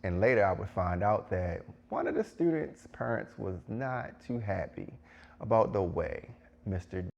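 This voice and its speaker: Emphatic, preachy low-voiced man. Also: animated, measured pace, creaky, lo-fi sound, slight background noise. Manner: emphatic, preachy, repeats phrases for stress. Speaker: educator giving advice to teachers. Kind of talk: direct-to-camera advice talk.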